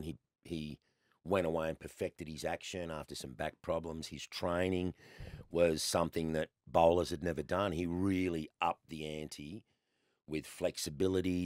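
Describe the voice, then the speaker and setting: An Australian man in his sixties, a guest telling lively stories in a casual chat, laughing often. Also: rumbling low, normal speed, no echo, clean studio sound. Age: 60s. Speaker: guest, former cricketer.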